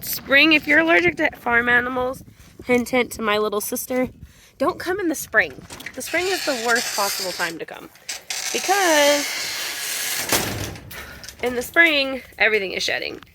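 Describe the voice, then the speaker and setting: A woman's voice: high-pitched, expressive, moderate pace, long pauses, background noise. A young woman chatting casually as she films her farm animals, rambling and affectionate. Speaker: farm owner. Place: outdoors on a farm.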